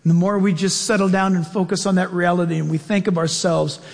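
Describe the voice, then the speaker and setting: A man preaching a sermon as pastor, telling stories in an animated way with sudden jumps in pitch. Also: brisk, gravelly. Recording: long church-hall reverb.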